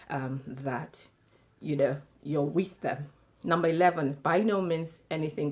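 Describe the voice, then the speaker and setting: A middle-aged woman, telling family stories in an animated way. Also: deep voice. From Nigeria. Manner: animated storytelling, acts out family quotes. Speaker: speaker sharing life lessons. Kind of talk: storytelling talk.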